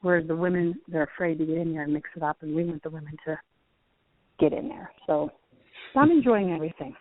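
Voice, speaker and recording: A woman's voice: deep voice, quick pace, no echo. A middle-aged woman, once a tour golfer and now a teacher, talks over a tinny, dry phone line. She tells her stories with lots of energy and breaks into laughter often. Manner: lively, laughing while telling stories. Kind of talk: phone interview storytelling. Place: outdoors at a driving range.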